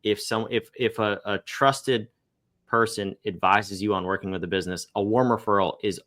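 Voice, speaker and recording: A man's voice: lowish voice, steady tone, moderate pace, fairly bright tone. A male podcast host in a casual interview, often restarting and repeating words as he thinks aloud.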